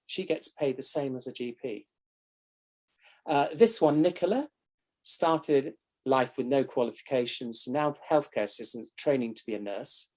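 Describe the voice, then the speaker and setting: A man's voice: a little high, darkish tone. A man, a family doctor, giving an enthusiastic illustrated talk to an online audience, telling stories about his team and patients. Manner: enthusiastic storytelling, quotes others directly. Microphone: online talk recording.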